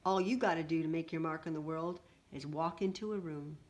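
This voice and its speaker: A woman's voice: low-pitched, a little fast, natural voice. A woman reading aloud and voicing a cheerful, joking old uncle in a storybook, laughing at his own jokes. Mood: encouraging.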